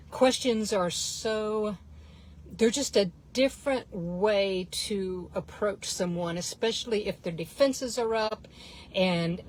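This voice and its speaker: A woman life coach telling a story to her viewers in an unhurried, earnest way, often calling them guys. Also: mid-range voice, poor audio.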